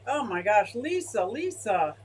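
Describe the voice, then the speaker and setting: A woman's voice: medium pitch, unhurried, slightly rough, rough recording. Gushing woman chatting on a livestream. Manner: gushing, excitable, reads chat aloud. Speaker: aquarium fish-keeping streamer. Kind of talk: casual livestream chat.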